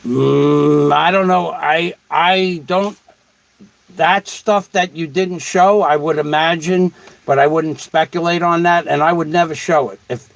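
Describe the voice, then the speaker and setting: A man's voice: fairly high pitch, gravelly, no echo, poor audio. A man hosting a casual livestream, reading viewer comments in a blunt, profane, rambling way. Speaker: livestream host.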